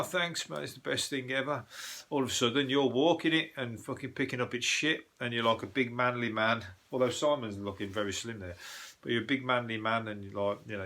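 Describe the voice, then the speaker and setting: A man's voice: on the low side, bright, forceful tone. A man hosting a podcast, ranting through the news in a rambling, profane comic style. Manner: sweary, rambling, puts on quick voices for people he mocks. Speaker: podcast host.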